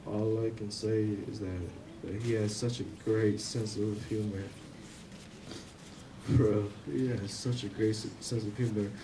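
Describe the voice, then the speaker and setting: A man's voice: fairly low pitch, level tone, measured pace. Young guy doing a eulogy, rambling and laughing, far off the mic, noisy room. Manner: rambling, many fillers, laughs between stories. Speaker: family member giving a eulogy. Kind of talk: informal memorial speech. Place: memorial gathering room. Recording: distant mic with clear background noise.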